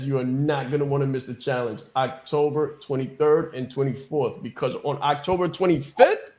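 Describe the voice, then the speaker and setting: A man giving an emphatic motivational business coaching talk on a call, repeating key phrases and often asking "right?". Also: mid-range voice.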